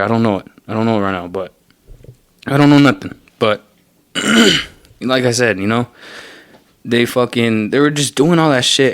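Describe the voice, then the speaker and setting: A man's voice: mid-range voice, no room sound. A young man hosting a podcast, telling a story in a casual, profane and exasperated rant. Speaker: podcast host. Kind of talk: casual ranting monologue.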